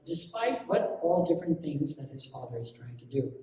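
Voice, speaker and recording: A man teaching a class through a religious story, often asking the listeners questions and filling pauses with ums. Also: a little high, animated, warm tone. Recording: echoey hall from far off.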